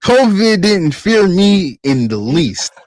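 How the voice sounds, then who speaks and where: Animated, profane podcast host man. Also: high-pitched, slow pace, dry recording. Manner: animated, profane, rising to near-shouting rants. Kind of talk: ranting podcast monologue.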